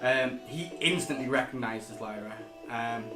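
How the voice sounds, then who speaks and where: A man's voice: mid-range voice, a little slow. A man running a tabletop game as game master, narrating in a rambling way with frequent fillers. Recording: roomy, with music behind.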